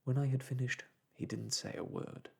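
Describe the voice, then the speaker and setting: Husky, hushed male storyteller. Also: medium pitch, steady tone, moderate pace. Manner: hushed, breathy and gentle. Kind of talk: soft ASMR storytelling.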